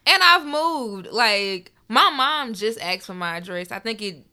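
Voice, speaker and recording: A young woman co-hosting a podcast, telling stories in a profane, animated, casual way. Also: fairly high pitch, unhurried, clear, resonant tone. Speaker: podcast co-host. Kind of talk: casual chat.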